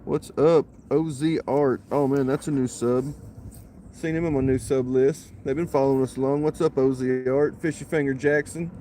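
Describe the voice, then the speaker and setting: A man's voice: mid-range voice, fairly even intonation, normal speed, warm tone, slight background noise. A man live-streaming from a creek, chatting casually and muttering to himself between greetings to viewers. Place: outdoors at a creek.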